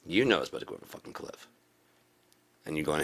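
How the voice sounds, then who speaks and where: A man giving a profane political rant in a video blog, repeating himself and rising into preachy shouting. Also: rumbling low, expressive, fast. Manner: swearing, repetitive, builds to preachy shouting. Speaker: video blogger.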